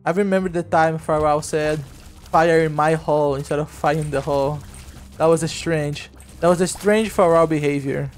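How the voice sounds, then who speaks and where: High-voiced man streaming a game. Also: steady tone, moderate pace, faint music behind. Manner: rambling, laughing, loud sudden outbursts. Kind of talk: casual gameplay livestream chat.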